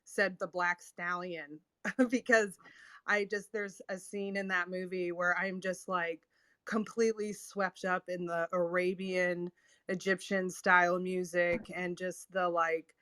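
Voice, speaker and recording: Woman host, casual chat, lowish voice, bright tone, dry close sound. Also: level tone, a little slow, clear, resonant tone, dry recording. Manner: warm, chatty, many ums and laughs.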